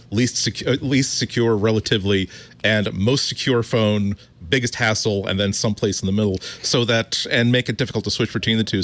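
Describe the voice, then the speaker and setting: A man on a tech podcast panel, talking in a halting way with restarts as he builds his point. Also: mid-range voice, fairly bright tone. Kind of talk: casual panel discussion.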